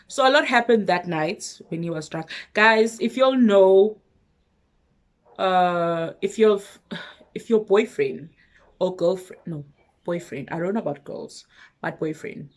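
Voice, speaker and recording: A woman with a South African accent telling a personal story on her vlog, lively, with hushed asides. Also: on the low side. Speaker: vlogger.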